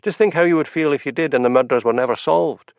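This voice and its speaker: A man's voice: a little high, quick pace, dry recording, highs cut off, pitched above the performer's own voice, natural voice. A male narrator voicing an anxious young woman who talks in an urgent, pleading way. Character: anxious, earnest young woman reporter with second sight.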